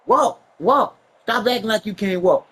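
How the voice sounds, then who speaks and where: A man voicing an angry male officer who shouts bullying commands in a retold story. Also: high voice, a little slow, slightly rough, pitched above the performer's own voice, full character voice. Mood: barking.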